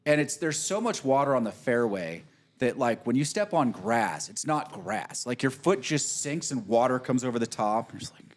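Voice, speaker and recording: A man's voice: mid-range voice, moderate pace. A man casually telling a long golf story, swearing freely and acting out what people said. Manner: animated, profane storyteller who acts out quotes.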